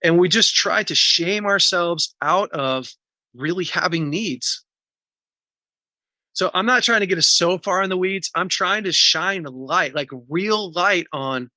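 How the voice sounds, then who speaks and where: A man's voice: high voice, measured pace, bright, forceful tone, no echo. A man speaking as an interview guest, earnest and explaining his points through examples. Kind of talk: casual interview talk.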